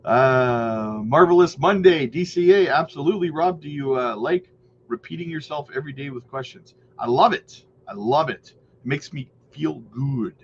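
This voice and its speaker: A man talks loosely on a crypto livestream, rambling and answering viewers' questions. His voice sits a bit high. The recording is slightly muffled, with faint noise behind it. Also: expressive, moderate pace. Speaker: crypto channel host. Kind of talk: casual livestream chat and news reading.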